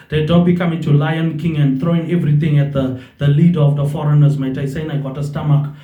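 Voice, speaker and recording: A man rambling in a loose monologue, drifting between thoughts and tagging nearly every phrase with a casual "mate". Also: a little high. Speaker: vlogger. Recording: distant roomy dull recording.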